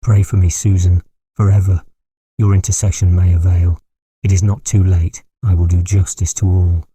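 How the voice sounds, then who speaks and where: A man's voice: sits low, flat delivery, normal speed, warm tone, slightly rough, no echo. A man voicing a delirious, dying middle-aged country squire who raves in frantic terror. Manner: raving, frantic, terror-stricken. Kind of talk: audiobook character voice.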